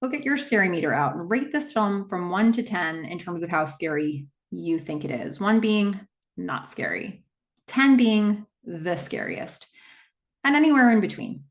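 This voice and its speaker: A young adult woman casually recapping a horror movie plot, slowing down for the dramatic beats. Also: on the low side. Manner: expressive storyteller, slows for dramatic moments.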